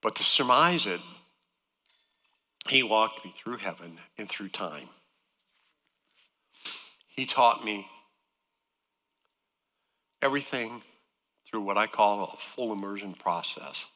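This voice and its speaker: A man's voice: fairly low pitch, expressive, slow, long pauses, sharp tone, in a large hall. A man giving an emotional church testimony, storytelling with wry joking asides. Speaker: guest speaker sharing a testimony. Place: church sanctuary.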